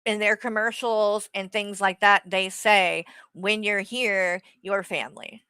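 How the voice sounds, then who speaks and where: Bright-voiced woman ranting bluntly. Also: medium pitch, steady tone, unhurried, smooth, dry recording. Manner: blunt, sarcastic, swears freely. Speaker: streamer host. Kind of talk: casual rant to viewers.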